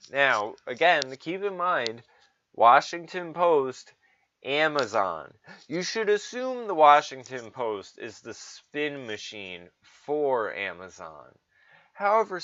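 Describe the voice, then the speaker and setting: Man, ranting commentary, sarcastic, profane, lively pitch, muffled lo-fi audio. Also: dry recording. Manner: sarcastic, profane, mocking voices. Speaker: political commentator.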